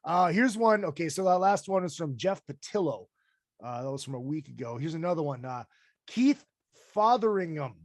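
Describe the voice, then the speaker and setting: Male podcast host, high-pitched and dry-miked, casual, reads listener comments aloud. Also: brisk, no echo. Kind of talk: live podcast chat.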